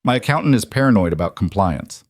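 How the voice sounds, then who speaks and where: A man voicing a composed, guarded businesswoman who answers in a careful, measured way in an audio story. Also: lowish voice, lively intonation, dry recording, studio quality.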